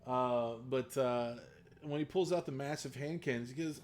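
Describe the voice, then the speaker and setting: A man's voice: medium pitch, measured pace, a little mellow, a little hiss or hum. A man who runs tabletop games, answering viewer questions in a casual live stream. He rambles with enthusiasm and laughs often. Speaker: game master streaming a Q&A.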